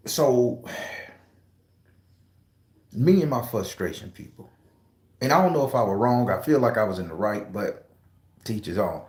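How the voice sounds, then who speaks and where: A man's voice: lowish voice, animated, unhurried, long pauses, darkish tone, reverberant. A man casually telling a story to his viewers, profane and emphatic, speaking straight to his audience. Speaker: tarot reader and channel host.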